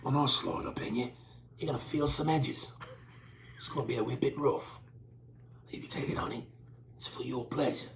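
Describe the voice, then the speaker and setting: A man putting on a sleazy seductive man's voice in a hushed, breathy whispered role-play. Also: mid-range voice, fairly quick, pauses often, slight background noise, natural voice.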